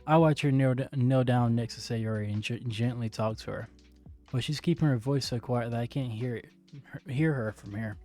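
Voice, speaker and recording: A man's voice: medium pitch, normal speed, dark tone, soft background music. Man with a slight Southern drawl. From Southern United States. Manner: stumbling, self-correcting reading. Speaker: streamer. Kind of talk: reading a visual novel aloud.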